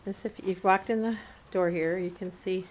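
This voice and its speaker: Speaking at normal speed in a slightly mellow, mid-range voice with fairly even intonation, a woman casually tours her homestead outdoors. Among the barns and animals of her small farm, she rambles with plenty of fillers and small laughs, captured by a handheld camera mic.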